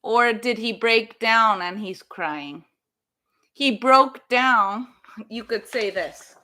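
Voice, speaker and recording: Woman English teacher, live class; speaks slowly, fairly high voice, encouraging. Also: sharp tone. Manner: slow, careful, encouraging explanations reading out students' sentences. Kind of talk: live online English lesson.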